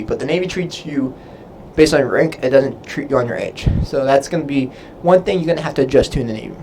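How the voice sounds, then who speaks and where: A man's voice: medium pitch, quick pace, darkish tone, slight background noise, rough recording. A young man, a Navy sailor, casually answering viewer questions on a livestream, rambling with lots of fillers. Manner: rambling, filler-heavy, loses his train of thought.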